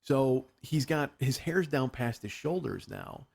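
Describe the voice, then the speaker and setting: A man's voice: mid-range voice, animated, measured pace, vocal fry, a little mellow. A man in his forties, a podcast host, telling rambling, profane stories in casual chat, laughing as he goes. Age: 40s. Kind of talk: casual comedic storytelling.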